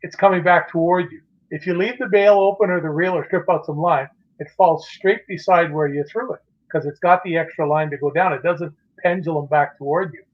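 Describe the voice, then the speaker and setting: A man with a fairly high voice tells a story in a lively, casual way, often stumbling and restarting his sentences. The sound is muffled and lo-fi, like live-stream audio. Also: brisk. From Canada. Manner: animated anecdote teller, many restarts. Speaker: guest, magazine publisher.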